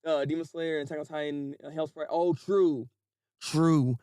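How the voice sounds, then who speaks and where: A young man with a fairly high voice runs a relaxed anime review stream, animated and quick to laugh as he chats with his viewers. The sound is dry and close, with no room around it. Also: clean tone, no room sound. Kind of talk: casual livestream commentary.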